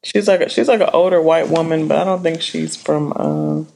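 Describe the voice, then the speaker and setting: A woman's voice: deep voice, steady tone, moderate pace, creaky, darkish tone. A woman co-hosting a podcast in a casual, laid-back chat, drawing out her thoughts and chuckling now and then. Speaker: podcast co-host.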